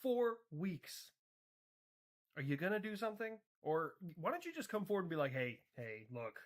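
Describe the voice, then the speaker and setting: A man riffing through comedic role-play on a stream, sarcastic and casually profane, and his talk rambles from one point to the next. His voice sits somewhat high for a man. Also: very animated, moderate pace.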